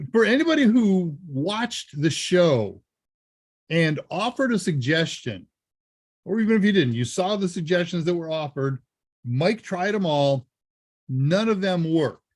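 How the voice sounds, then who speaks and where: A man hosting a live Q&A stream, chatting casually and joking as he reads messages and thinks out loud. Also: a little high, sing-song, a little slow, pauses often, no room sound. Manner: chatty, jokey, thinks aloud. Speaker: live Q&A host.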